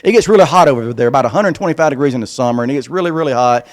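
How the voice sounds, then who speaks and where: A man's voice: medium pitch, racing. A man with a stutter, giving a folksy, self-deprecating comic speech as a veteran guest speaker. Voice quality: stutters on some words.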